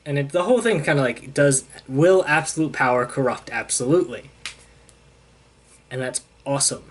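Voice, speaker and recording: In a medium-pitched voice at normal speed, a young man reviewing comics walks through the plot casually. He paraphrases the characters' dialogue with "he's like" along the way.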